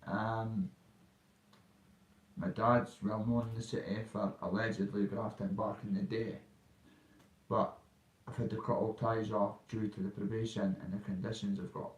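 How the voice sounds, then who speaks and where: A man's voice: lowish voice, level tone, a little slow, pauses often. Scottish man with a Dundee accent, rambling casual vlogger, recorded from a distance in an echoey room. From Dundee, Scotland. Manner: rambling storytelling, full of fillers and asides. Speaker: recovery vlogger. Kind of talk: casual vlog monologue.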